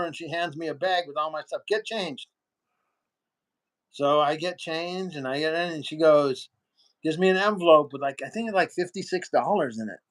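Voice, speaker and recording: Animated high-voiced male storyteller. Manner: animated storyteller, acts out other people's lines. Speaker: guest. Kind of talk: storytelling in a casual interview.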